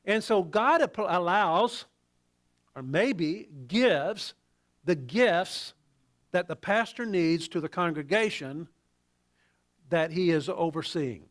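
Male pastor, slightly high voice, talky sermon with restarts and soft asides. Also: animated. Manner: conversational, halting with restarts, drops to quiet asides.

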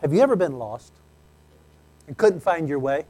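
A man with a fairly high speaking voice delivers a sermon from the pulpit. He keeps it conversational, dropping in light jokes between his points. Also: animated, normal speed, dark tone, slightly rough. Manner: conversational, with joking asides. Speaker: pastor.

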